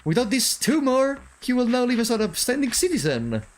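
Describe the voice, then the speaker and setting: A man's voice: extremely high pitch, wildly swooping pitch, brisk, slight background noise, heavily acted. A man voicing a sadistic game-show host in a taunting, theatrical, mock-cheerful way, with game music behind.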